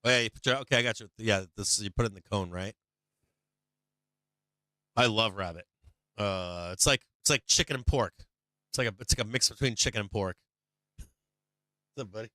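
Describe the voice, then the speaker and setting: A man's voice: fairly low pitch, a little fast, long pauses, pushed and bright, no echo. A man hosting a livestream, chatting casually in a rambling, profane way and answering his chat. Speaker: livestream host.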